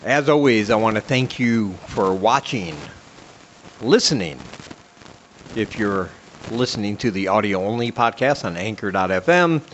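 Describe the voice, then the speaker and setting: A man's voice: lowish voice, a bit bright, a little hiss or hum. A man hosting a comedy podcast, talking in a sarcastic, rambling way with lots of fillers. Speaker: podcast host. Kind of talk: casual comedic rant.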